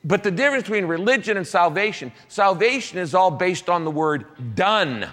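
A man preaching a sermon as pastor, emphatic, repeating key phrases and moving between soft and raised delivery. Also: high-pitched, expressive, moderate pace, hardly any pauses, long reverb tail.

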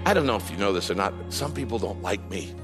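A man pastor preaching a sermon, swinging from quiet asides to loud, emphatic declarations. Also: lowish voice, animated, fast, faint music behind.

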